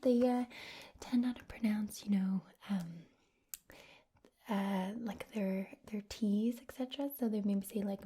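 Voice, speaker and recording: A woman's voice: medium pitch, dark tone. A woman from Scotland giving a whispered ASMR talk, rambling with many fillers. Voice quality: husky whisper. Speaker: ASMR creator.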